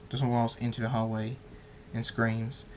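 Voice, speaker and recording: A man's voice: medium pitch, level tone, moderate pace, a little hiss or hum. A man reading a fan story aloud in a plain, amateur way, with small slips and restarts. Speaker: fan fiction reader.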